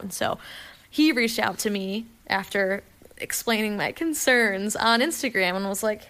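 A young woman in casual podcast chat, telling an animated story with lots of fillers. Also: fairly high pitch, smooth. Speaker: podcast guest.

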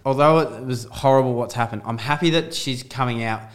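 A young man co-hosting a relaxed podcast, telling stories with lots of energy. His voice sits at a middle pitch, and he slips into the voices of the people he describes. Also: brisk. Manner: animated storyteller, acts out quotes. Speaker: podcast co-host. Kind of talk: casual chat.

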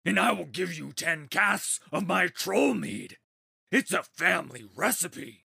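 A man voicing a hideous ancient male troll who gloats, taunts and cheats, with a gravelly, squawking voice. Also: sing-song, measured pace, sharp tone, dry recording, studio quality, heavily acted. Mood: gloating. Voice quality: gravelly, raspy, high and squawking.

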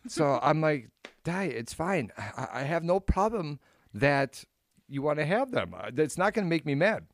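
A man's voice: on the high side, big pitch swings, measured pace, dry recording, studio quality. A man with an Upper Midwest American accent co-hosting a podcast, telling stories in a rambling way with many fillers. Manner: rambling storytelling with many fillers, acts out quotes. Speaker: podcast co-host and DJ. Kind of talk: casual chat.

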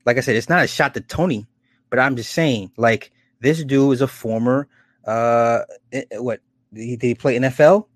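A man hosting a casual commentary, animated and profane, often laughing at his own stories. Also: medium pitch, moderate pace, no echo, studio quality.

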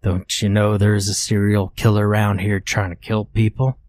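A man voicing a hairy, naked backwoods man with a thick Canadian accent, drawling in a slow, neighborly way. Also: lowish voice, flat delivery, a little mellow, dry recording, natural voice. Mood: calling out.

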